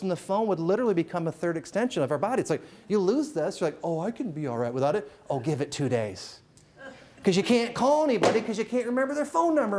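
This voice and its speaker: A middle-aged man working a live audience as a motivational speaker, his pitch leaping up and down as he jokes. He teases the room with rapid questions and playful asides. The delivery is loose, lively and conversational. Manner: animated, jokey, teasing the crowd with quick questions. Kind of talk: live stage talk to an audience.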